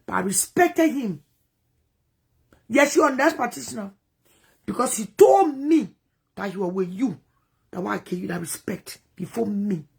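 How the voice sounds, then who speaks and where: A woman with a Liberian English accent tells a personal story in an animated way, dropping to hushed asides and rising to loud outbursts. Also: mid-range voice, moderate pace, gravelly, pauses often, husky. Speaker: vlogger. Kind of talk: emotional storytelling monologue.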